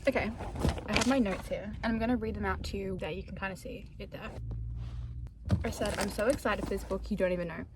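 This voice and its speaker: A young woman chatting casually in a reading vlog, gushing about books with lots of fillers and quiet whispered asides. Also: mid-range voice, steady tone, fast talker, heavy background noise. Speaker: book vlogger.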